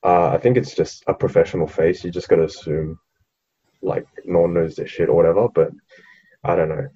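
A man's voice: sits low, steady tone, fairly quick, mellow, breathy edge, dull audio. A young Australian man co-hosting a podcast, rambling through a story in casual chat and swearing freely. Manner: rambling, swears freely, mocks quoted people. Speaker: podcast co-host.

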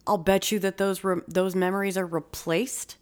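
A woman host chatting on a true-crime podcast at a middle pitch. Her talk is loose and profane, and she rushes through some stretches in quick bursts. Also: flat delivery, a little mellow, clean tone.

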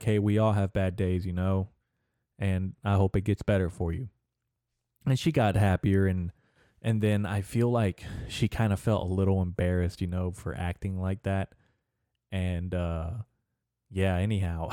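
A man's voice: low-pitched, mellow, no echo, studio quality. A young man hosting a podcast, telling rambling stories about shopping trips and swearing a lot as he gets worked up. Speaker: podcast host. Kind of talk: casual storytelling rant.

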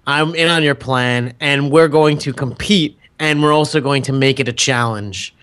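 A man's voice: mid-range voice, a bit bright, clean tone. A young man with a New York accent, co-hosting a podcast in joking, casual banter. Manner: joking, quick to react. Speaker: podcast co-host. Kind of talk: casual chat.

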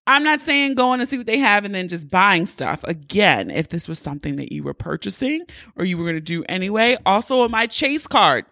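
A woman's voice: mid-range voice, expressive, a little fast, few pauses, sharp tone, dry recording, studio quality. A young adult woman hosting her podcast in casual, playful chat, laughing easily. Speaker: podcast host.

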